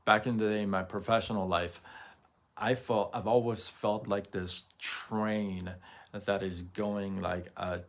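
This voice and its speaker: A man hosting a motivational livestream, talking earnestly and haltingly, often repeating words and checking that viewers follow him. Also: lowish voice, fairly even intonation. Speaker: livestream host. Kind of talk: emotional motivational livestream talk.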